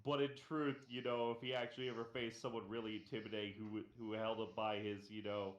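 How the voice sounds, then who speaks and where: A man's voice: on the low side, level tone, quick pace, muffled recording. A man hosting a live stream, ranting in casual, profane banter with a sarcastic, emphatic manner. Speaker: stream host. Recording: echoey room.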